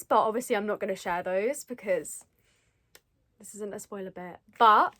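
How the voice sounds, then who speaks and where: A woman's voice: on the high side, fairly bright tone, dry recording. A young woman talking casually in a reading vlog, giggly, emotional and rambling. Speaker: book vlogger.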